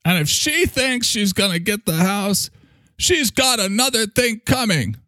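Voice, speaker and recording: Angry homeless man, street corner, bitter, repeating himself, higher voice, done by a man. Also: sing-song, unhurried, pushed and bright, no room sound, studio quality, full character voice. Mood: resentful. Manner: bitter, repeating the same grudge.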